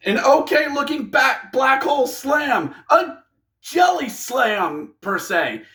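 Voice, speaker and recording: A man giving a casual, jokey wrestling review, getting excitable and acting out what the wrestlers say. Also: extremely high pitch, slow pace.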